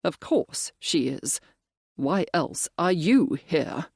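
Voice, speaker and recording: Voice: mid-range voice, expressive, slow pace, creaky, darkish tone, breathy edge, dry recording, heavily acted. Narrator doing stern major sir, pushing hard with questions, dry close mic. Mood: grim. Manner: firm, pressing questions. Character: grim, determined male baronet and major.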